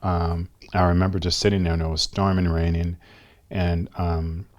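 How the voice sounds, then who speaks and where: A middle-aged man from the United States, a guest telling a personal story in a halting, reflective way. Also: low voice, flat delivery, darkish tone, highs cut off. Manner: halting, reflective, slows down often.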